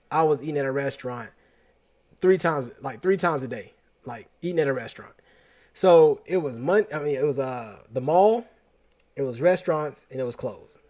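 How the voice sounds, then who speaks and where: A man host telling a personal story in a casual, slangy, animated way, often restarting his sentences. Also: a little high, moderate pace.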